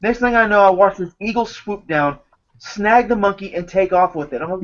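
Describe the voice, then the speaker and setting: A man telling stories in casual chat, animated and swearing often. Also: high voice, normal speed. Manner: animated storyteller, swears a lot. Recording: dull lo-fi recording.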